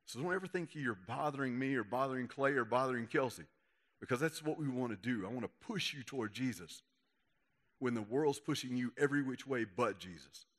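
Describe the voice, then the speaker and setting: Speaking a little fast in an animated, mid-range, slightly bright voice, a young man preaches to youth as their pastor. His casual sermon is folksy and chatty, with quotes performed in character.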